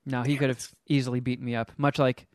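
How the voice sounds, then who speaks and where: A man hosting a podcast, telling a story in casual chat, animated and profane. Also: mid-range voice, quick pace. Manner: animated, profane, acts out the people he quotes. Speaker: podcast host.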